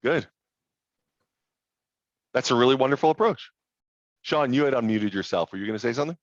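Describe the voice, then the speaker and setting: A man hosting a group coaching call, talking in an animated, motivational way over video call. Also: medium pitch, fairly quick, no echo, muffled recording. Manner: animated, motivational, quotes inner voices.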